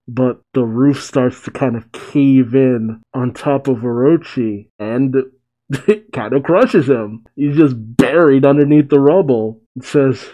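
A man's voice: medium pitch, slow pace, warm tone, rough recording. A young man casually reading a comic chapter aloud and reacting to it, laughing and lightly voicing the characters. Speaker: manga reaction host.

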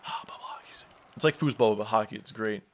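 A man's voice: on the low side, fast. A man chatting casually while playing a hockey video game, rambling through stories with many fillers and laughing easily. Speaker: let's play co-host. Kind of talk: casual gaming banter.

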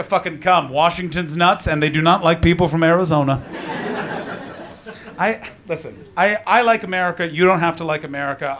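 Loud, profane stand-up comic man. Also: fairly high pitch, background noise. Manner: loud, profane, shouting punchlines. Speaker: stand-up comedian. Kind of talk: live stand-up routine. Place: large comedy venue with live audience. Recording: live stage mic with crowd. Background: audience laughter.

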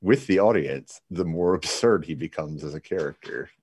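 Male podcast host, deep and casual, laughs easily. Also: expressive, moderate pace, darkish tone, breathy edge. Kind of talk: conversational interview.

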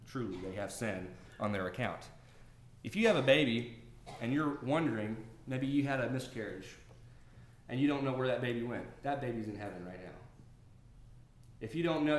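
A man's voice: medium pitch, slight background noise. A man preaching a sermon, earnest and building to emphatic exclamations, recorded in a church sanctuary. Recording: echoey church room, faint ambience.

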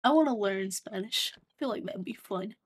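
Her voice is medium-pitched and slightly rough, moving at a moderate pace as this Australian woman streams a game. She chats casually, curses often and breaks into abrupt yelps and laughter with excitable energy.

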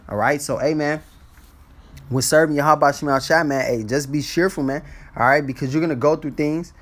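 A man's voice: a little high, steady tone, a little fast. A man teaching scripture in a casual, blunt street style, ending almost every phrase with "man". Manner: blunt and profane when exhorting.

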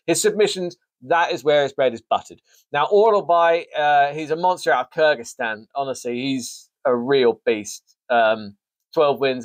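With a mid-range voice and no echo, this sports podcast host previews an upcoming fight card in a laid-back way, drifting into rambling, jokey asides that poke fun at himself.

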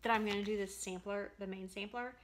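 A woman's voice: medium pitch, fairly even intonation, fairly quick, slight background noise. A woman chatting casually and enthusiastically as a vlogger, showing her cross-stitch purchases with frequent ums. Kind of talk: casual show-and-tell chat.

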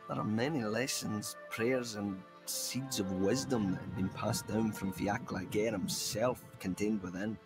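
An actor voicing a wise, solemn older male elder in a game, speaking in a gravelly, measured way. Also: lowish voice, steady tone, over loud music, poor audio. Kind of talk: game character dialogue.

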